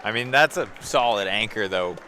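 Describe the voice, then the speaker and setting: A man with a low yet bright, forceful voice that swings widely in pitch as he comments on a race. He thinks out loud with fillers, laughs easily and pushes back playfully, over a faint background hum. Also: lively intonation, moderate pace, some chatter behind. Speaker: meet commentator. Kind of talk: casual live race commentary.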